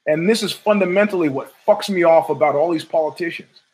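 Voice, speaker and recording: Male podcast host, slightly high voice, sardonic and profane, solo rant from home. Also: a little fast, a little mellow, low-quality recording. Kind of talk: ranting solo commentary.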